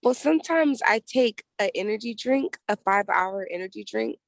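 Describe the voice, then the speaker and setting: Gravelly woman truck driver. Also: mid-range voice, animated, moderate pace, no room sound. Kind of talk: casual podcast chat.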